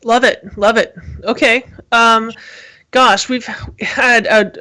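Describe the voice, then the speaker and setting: A woman's voice: on the high side, fairly even intonation, slow, pushed and bright. A woman hosting a casual podcast, gushing about her community and steering the talk along. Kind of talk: casual chat.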